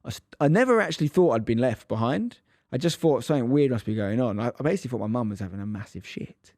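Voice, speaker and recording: A man's voice: mid-range voice, expressive, fast, a little mellow, no room sound, clean studio sound. A man in his thirties, a podcast co-host, telling a story in casual chat and acting out the quotes with animation.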